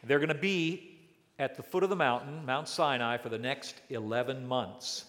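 A man's voice: medium pitch, normal speed, a bit bright. Preaching man in a reverberant hall. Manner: dynamic preaching with emphatic rises and falls. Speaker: pastor. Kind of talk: sermon. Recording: long church reverb.

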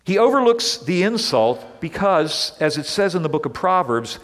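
A male pastor preaching a sermon in an earnest, deliberate way, leaning on repeated words, in a church sanctuary. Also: fairly high pitch, sing-song, a bit bright. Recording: long reverb of a large hall.

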